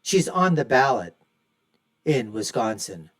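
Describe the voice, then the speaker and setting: A man's voice: mid-range voice, very animated, slow. A man hosting his own show, giving emphatic, opinionated solo commentary and repeatedly calling his listeners folks. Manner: repeats phrases for punch, swings loud and soft. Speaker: show host.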